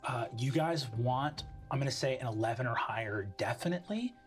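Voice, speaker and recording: A man narrating a tabletop game as game master, casual and halting. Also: mid-range voice, animated, faint music behind.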